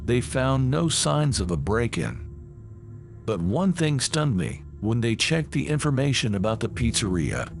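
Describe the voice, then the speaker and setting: A man reading a first-person horror story as scripted narration, with lively, dramatic delivery. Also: medium pitch, creaky.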